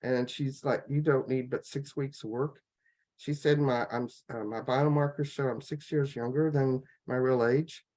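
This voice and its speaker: A woman on a laptop video call, telling her personal health story in a rambling, halting way, full of fillers and restarts. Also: very deep voice, fairly even intonation, dark tone. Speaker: guest sharing a health testimonial. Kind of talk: casual personal testimony.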